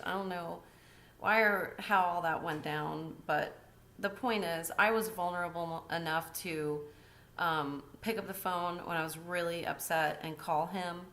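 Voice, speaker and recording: A woman's voice: deep voice, a bit bright, a little hiss or hum. A woman life coach telling a personal story in a candid, chatty way, often breaking into laughs.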